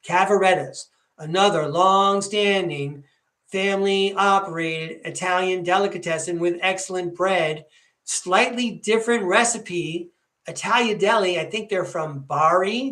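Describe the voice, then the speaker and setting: A man in his fifties hosting a podcast, telling rambling, animated stories in a casual monologue. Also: high voice, measured pace, echoey room. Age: 50s. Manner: chatty, rambling, animated storyteller. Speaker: podcast host.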